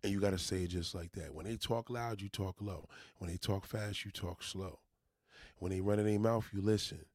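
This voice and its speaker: A man's voice: deep voice, fairly even intonation, moderate pace, darkish tone, no echo, clean studio sound. A man with a New York accent, talking to his viewers in a loose, profane, rambling way with motivational asides. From New York City. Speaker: vlogger. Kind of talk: casual monologue to viewers.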